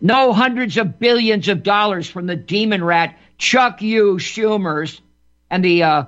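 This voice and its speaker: A man's voice: high-pitched, measured pace, a bit bright. A man giving an emphatic political monologue as a commentator, often repeating words and restarting phrases. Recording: dull lo-fi recording.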